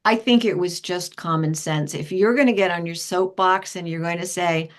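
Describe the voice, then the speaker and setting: An older retired woman being interviewed, telling stories in a lively way and acting out the voices of people she quotes. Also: fairly quick, few pauses. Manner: lively storytelling, acts out quoted voices with pitch jumps. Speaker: interview guest, retired founding director. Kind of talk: conversational interview.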